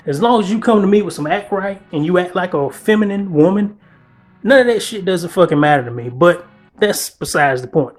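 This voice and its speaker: A man hosting his own commentary video, speaking bluntly and casually with lots of profanity and laughing asides. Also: fairly high pitch. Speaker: commentary channel host.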